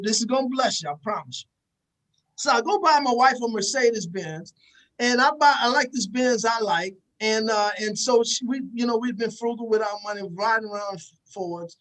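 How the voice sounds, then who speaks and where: A man's voice: very high voice, a bit bright, low-quality recording. Emphatic man giving a preachy motivational talk. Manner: emphatic, repetitive, addresses the audience directly. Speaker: motivational speaker.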